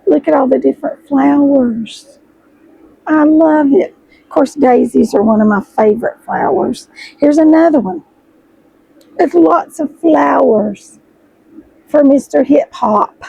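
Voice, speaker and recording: A middle-aged woman, chatting excitedly to her viewers as she unboxes fabric, her voice hoarse and froggy. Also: sits high, unhurried, long pauses, dry recording, muffled recording. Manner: chatty, gushing, addresses viewers as y'all. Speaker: sewing vlogger host. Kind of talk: casual chat while unboxing fabric.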